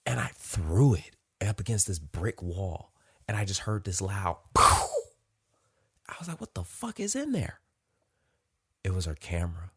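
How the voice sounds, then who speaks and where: A man's voice: extremely low pitch, gravelly, dry recording, clean studio sound. A man in his thirties, a podcast host, telling a frank, profane personal story with emotional openness.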